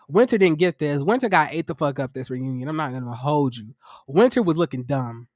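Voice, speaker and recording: A man hosting a livestream review of a reality show, tired, talking casually to his viewers in a profane, incredulous, animated way. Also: a little high, fairly quick, no room sound, studio quality. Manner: chatty, addresses viewers as y'all.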